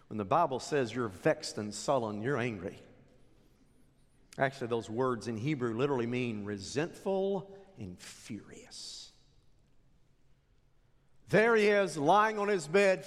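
A man preaching a sermon, retelling a scripture story with animated, dramatic delivery. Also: medium pitch. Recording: echoey hall reverb.

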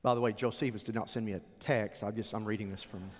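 A man preaching a sermon as a pastor, telling the story with animated drama. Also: fairly low pitch, fast talker. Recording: long hall reverb.

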